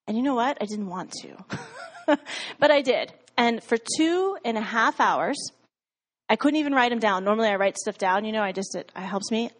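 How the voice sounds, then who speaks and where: A woman's voice: fairly high pitch, lively intonation, brisk. A woman telling her faith story in a casual way, full of "like" fillers and frequent laughs, acting out what she said and thought back then. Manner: chatty, many "like" fillers, laughs often, acts out her own past lines. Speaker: guest sharing a personal faith testimony.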